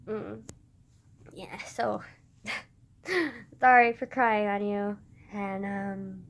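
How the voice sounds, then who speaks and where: Young woman slow and teary, kinda high voice, laughing and swearing at her phone cam. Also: gravelly, a little hiss or hum. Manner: tearful, laughing through tears, swears casually. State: teary after crying. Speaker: vlogger. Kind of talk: emotional confessional vlog. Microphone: phone camera.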